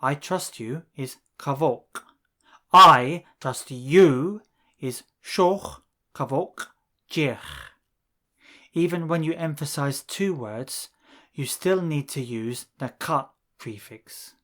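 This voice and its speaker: A man teaching a scripted language lesson, saying phrases slowly and deliberately and pausing so the listener can repeat them. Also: fairly high pitch. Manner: slow, deliberate drilling with pauses for repetition.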